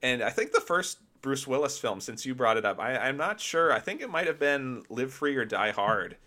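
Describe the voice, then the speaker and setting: A man co-hosting a casual podcast, rambling enthusiastically about films. His voice is bright and forward, and his talk is loose and full of fillers. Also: medium pitch, very animated, moderate pace. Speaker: podcast co-host. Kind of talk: casual film chat.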